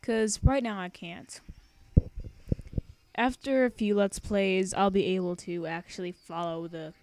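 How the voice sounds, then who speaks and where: A woman's voice: medium pitch, steady tone, a little slow, a little mellow, slight background noise. A young woman narrating a let's play, chatty and sarcastic, rambling with singsong asides. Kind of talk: casual game commentary.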